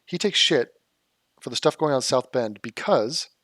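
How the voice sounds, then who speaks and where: A man's voice: mid-range voice, animated, normal speed, fairly bright tone. A man hosts a reaction commentary in a sarcastic, mocking tone. His exasperation spills into incredulous rhetorical questions. The sound is close and dry, with no room echo. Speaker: political commentary host. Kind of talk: reaction commentary on a debate clip.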